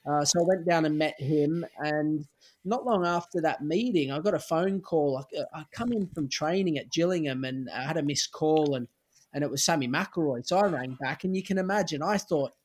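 An Australian man in his forties, a guest on a chat podcast, relaxed and anecdotal. His voice sits a little higher than most men's. He talks candidly, with plenty of fillers and the odd swear word. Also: moderate pace. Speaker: podcast guest, former footballer.

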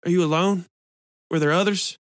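Man voicing a soft-spoken woman, calm and menacing, higher voice, storybook reading. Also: normal speed, no echo, clean studio sound, close to an everyday voice.

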